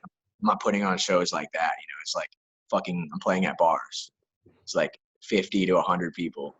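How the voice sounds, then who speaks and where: A deep, husky voice at a moderate pace comes through with the highs cut off as the young hockey-playing rapper tells a wild story on a podcast. He's casual and profane, saying "like" over and over.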